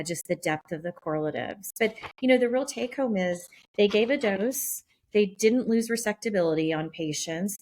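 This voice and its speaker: A woman co-hosting a medical podcast and explaining a study in careful, methodical detail as a melanoma specialist. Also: lowish voice.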